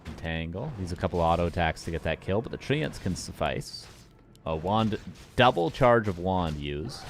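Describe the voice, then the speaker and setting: A man with a very low voice that still swings up and down a lot casts game replays live. He jokes with his viewers between plays. A faint noise sits under his voice. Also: animated, normal speed. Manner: joking, playful, chats with viewers. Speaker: caster.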